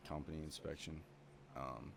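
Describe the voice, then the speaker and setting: Low-voiced young man swearing casually. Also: fairly even intonation, normal speed, creaky, noisy background. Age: young adult. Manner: swears constantly, rambling with many fillers. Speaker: podcast guest. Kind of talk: casual chat.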